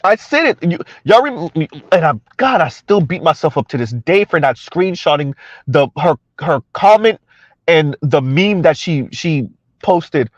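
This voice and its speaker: High-pitched man, blunt mocking commentary, dry dull lo-fi sound. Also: very animated, unhurried, no echo. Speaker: commentary channel host. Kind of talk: casual social media commentary.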